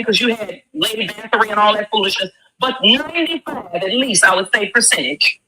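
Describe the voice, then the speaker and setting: Fast, forceful woman in her forties. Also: fairly high pitch, rough recording. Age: 40s. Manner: emphatic, preachy, rhetorical questions. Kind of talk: impassioned commentary.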